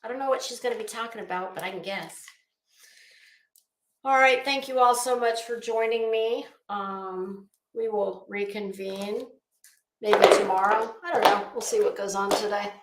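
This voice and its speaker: A woman's voice: mid-range voice, steady tone, normal speed, echoey room, a little hiss or hum. A woman hosting a live commentary stream, talking in a sassy, blunt, profane way and calling people honey.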